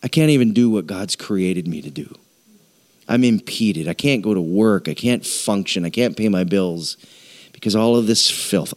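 Animated male pastor preaching a sermon. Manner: animated storytelling, voices people in a high pitch, slows and drops low for emphasis.

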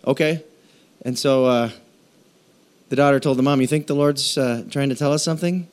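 A man delivering a sermon at a mid pitch, telling stories with animated quoted voices. He pauses and restarts often, then presses forward into prayer. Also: smooth. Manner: halting, with fillers and restarts. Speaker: pastor.

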